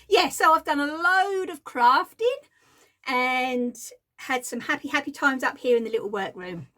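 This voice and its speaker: A woman from southeast England chatting casually on a craft vlog, slightly croaky, rambling and laughing often. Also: high-pitched, expressive, takes it slowly, long pauses, sharp tone. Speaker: craft podcaster.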